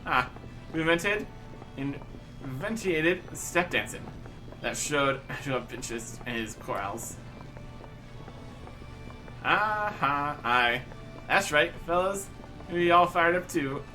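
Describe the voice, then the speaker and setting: A man's voice: on the high side, expressive, slow, pauses often, music in the background, low-quality recording. A man doing a rowdy boozy sailor. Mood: boisterous. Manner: rough old-salt dialect, cheeky, rambling. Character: rowdy boozy male sailor, middle-aged.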